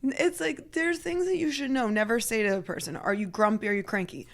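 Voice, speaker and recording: A woman co-hosts a relaxed podcast conversation, her voice sitting a touch high for a woman. She is animated and laughs a lot. She slips into playful voices to act out what others said. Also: fairly quick. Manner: animated, laughs often, acts out quotes. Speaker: podcast co-host. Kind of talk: casual chat.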